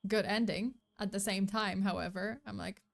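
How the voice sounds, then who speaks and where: A woman's voice: mid-range voice, fairly even intonation, moderate pace, vocal fry. A woman streamer casually commenting on videos, rambling with many fillers and self-corrections. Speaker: streamer host.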